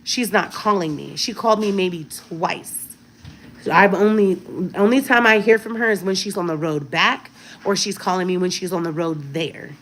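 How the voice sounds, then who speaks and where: A woman in her thirties tells a personal story straight to her viewers in a casual, emphatic way. She often checks in with "right?", and her voice sits a little low for a woman. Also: normal speed, fairly bright tone, a little hiss or hum. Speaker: vlogger.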